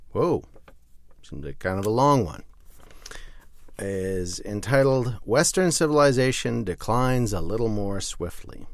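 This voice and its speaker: A man's voice: fairly low pitch, dry recording, clean studio sound. A man hosting a podcast, reading aloud from a zine with wry asides. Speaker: podcast host.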